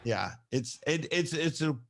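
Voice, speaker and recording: A man hosting a podcast, coaching gymnastics and telling animated stories in casual chat. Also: a little high, unhurried, vocal fry. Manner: animated storyteller who acts out quoted lines.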